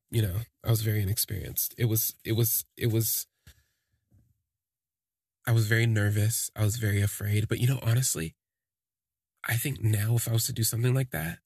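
A man tells a story in a loose, meandering way, leaning on "like" and "you know" as he goes. His voice is gravelly with a husky edge. The sound is dry and close. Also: lowish voice, no echo. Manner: rambling, full of "like" and "you know". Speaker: podcast storyteller. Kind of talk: casual first-person storytelling.

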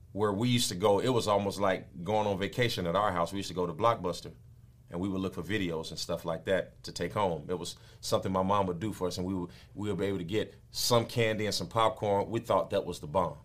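A man preaching a sermon, moving from low, quiet explaining to high, loud, shouted peaks. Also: fairly even intonation, fairly quick.

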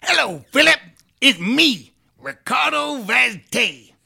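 Brash footballer, put on by a male host: lively high voice with a gravelly edge, boasting and swearing. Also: slow pace, exaggerated voice. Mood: boastful. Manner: boastful, profane, sing-song.

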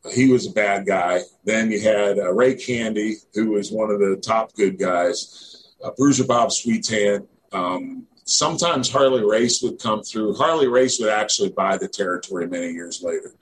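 Low-voiced rambling middle-aged man. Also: normal speed, slight background noise, poor audio. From Northeast Missouri, USA. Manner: rambling, heavy on fillers like "you know" and "man". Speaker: guest, former pro wrestler. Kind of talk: casual interview storytelling.

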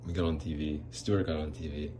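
A man with a very low voice telling a long personal story in loose, casual chat. He rambles, swears freely and acts out what others said. Faint noise sits under the recording. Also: little pitch movement, fairly quick, warm tone.

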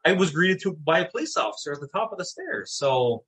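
Casting note: middle-aged man, bright husky voice, lively storyteller who swears freely. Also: on the high side, fairly quick. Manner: animated, swearing, acts out quotes. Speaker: guest, town mayor. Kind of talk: casual storytelling.

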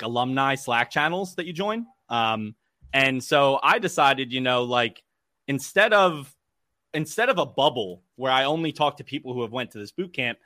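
This young man talks in a bright, forward voice, telling stories casually with plenty of fillers and little laughs. The sound is dry and close, with no room around him. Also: medium pitch, no room sound. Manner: animated storyteller, quick laughs, many fillers. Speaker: guest, developer experience engineer. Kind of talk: casual podcast chat.

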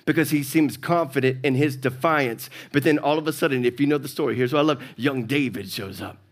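A man's voice: on the high side, quick pace. A male pastor with a Southern US accent, preaching a sermon and acting out the characters in his stories. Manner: animated storytelling, acts out characters.

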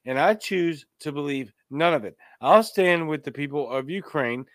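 A man's voice: a little high, normal speed, no room sound. A man from Louisiana hosting a podcast, talking politics in an emphatic, exasperated way. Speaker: podcast host. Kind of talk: casual political talk.

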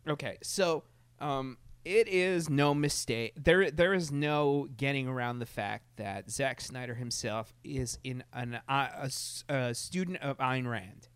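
A man in casual chat, animated and rambling, with many restarts and laughs. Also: medium pitch, measured pace, clear, resonant tone, no room sound.

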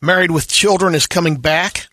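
A man's voice: fairly high pitch, normal speed, sharp tone, no room sound, clean studio sound. A man co-hosting a talk show, reading out entertainment news items in a matter-of-fact, casual way.

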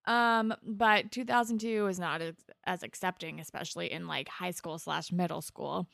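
A woman's voice: unhurried, vocal fry, no echo, studio quality. A young woman co-hosting a podcast, casually recapping a TV episode and animatedly acting out quotes. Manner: animated, jumps to high pitch when quoting. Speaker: podcast co-host.

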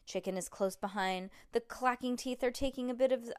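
A woman voicing an excited young girl who calls a toy race play-by-play. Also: on the high side, normal speed, smooth, lightly acted. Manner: breathless play-by-play.

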